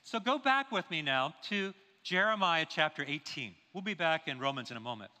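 A man's voice: fairly high pitch, lively intonation, moderate pace, pushed and bright. A man preaching a sermon in a church, stressing his points with rhetorical questions. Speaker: pastor. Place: church sanctuary. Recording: long reverb of a large hall.

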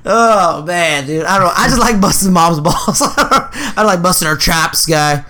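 A young man in casual podcast chat with a bright, forceful voice that sits a little high. He tells profane stories with lots of energy and acts out each quote. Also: animated, measured pace.

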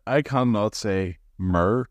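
A Northern Irish man hosting a casual podcast chat, an animated storyteller who likes mimicking accents. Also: mid-range voice, fast, no echo. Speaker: podcast host.

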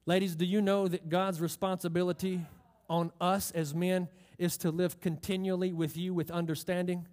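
A man's voice: high-pitched, little pitch movement, moderate pace, darkish tone. A man preaching a sermon, emphatic, drawing out key phrases and asking the congregation questions. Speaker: pastor.

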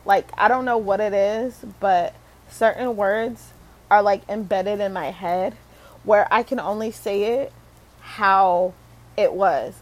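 Young woman from michigan just rambling to camera, slow and easygoing, lots of likes and restarts. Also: mid-range voice, poor audio. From Michigan, USA. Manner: rambling, lots of fillers and self-corrections, swears casually; laughs at herself often. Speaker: vlogger. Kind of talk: casual talking to camera.

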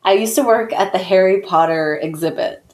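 A woman chatting with friends in a lively, storytelling way. She jumps into high, playful put-on voices to act out the people in her anecdotes. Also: moderate pace. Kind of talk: casual chat.

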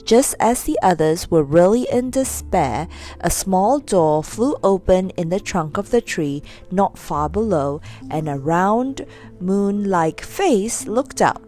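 A woman reading a children's storybook aloud as storyteller, expressive and animated. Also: fairly low pitch, takes it slowly, soft background music.

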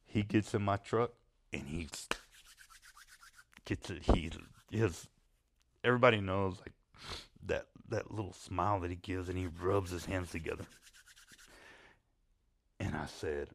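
Brief: low, gravelly guy, casual and foul-mouthed, spinning a long yarn. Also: a little slow, pauses often. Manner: rambling, swearing, laughing at his own story. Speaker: storyteller. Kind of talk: profane casual storytelling.

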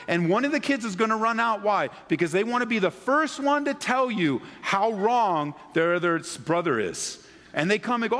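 Emphatic preacher in an echoing church. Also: male voice, sits high, sing-song, a little fast, vocal fry, fairly bright tone. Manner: emphatic, repeats key phrases, rhetorical questions; addresses the congregation directly. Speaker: pastor. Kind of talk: sermon.

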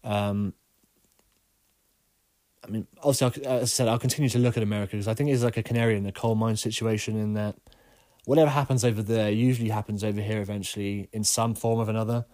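Congested man, flat podcast monologue. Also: on the low side, quick pace, no room sound, studio quality. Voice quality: monotonous. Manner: rambling, frequent ums and uhs. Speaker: podcast host. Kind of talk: casual solo podcast monologue.

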